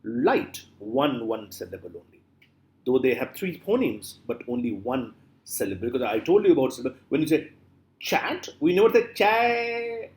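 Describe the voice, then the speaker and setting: A middle-aged man giving a classroom lecture, often stopping to say example words slowly and filling pauses with "uh". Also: medium pitch, big pitch swings, darkish tone. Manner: repeats example words slowly, many fillers. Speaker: literature lecturer. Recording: echoey room.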